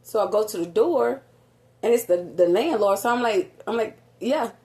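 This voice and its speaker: A woman with a grown son, casually telling her viewers a story, rambling and animated with many fillers, in a nearly empty apartment with a slight echo. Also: medium pitch, moderate pace. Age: adult with a grown son. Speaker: vlogger.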